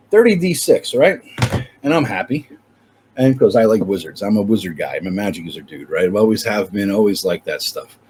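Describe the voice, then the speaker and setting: A man hosting his own channel, talking casually and swearing freely as he rants. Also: slight background noise. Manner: profane, animated ranting with sudden pitch jumps. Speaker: channel host. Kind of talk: casual ranting chat.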